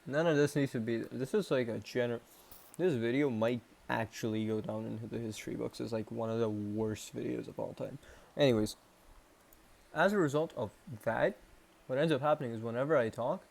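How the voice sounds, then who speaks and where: A man's voice: mid-range voice, gravelly, a little mellow. A young man with a Canadian accent talking casually to the camera in a rambling, self-mocking way, stopping and restarting often. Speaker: vlogger. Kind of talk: casual self-improvement vlog.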